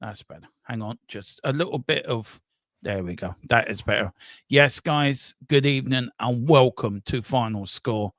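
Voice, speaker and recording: A man's voice: mid-range voice, moderate pace, fairly bright tone, no room sound, studio quality. Frank rambling male fan-show host. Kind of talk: casual fan talk show.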